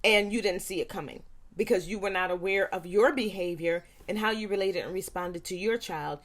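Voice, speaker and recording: A woman parent educator speaking earnestly to parents, stressing points by repeating them and acting out quick quoted lines. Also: mid-range voice. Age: young adult. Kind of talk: talking to parents.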